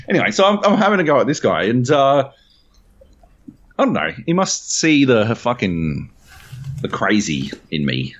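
A man's voice: medium pitch, normal speed, muffled recording. An Australian man co-hosting a podcast, telling a story in casual chat with lots of swearing. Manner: profane, animated storytelling. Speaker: podcast co-host.

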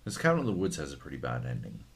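Deep-voiced man ranting animatedly. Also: very fast, creaky, breathy edge. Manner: animated, swearing, laughs while ranting. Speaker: podcast co-host. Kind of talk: casual chat.

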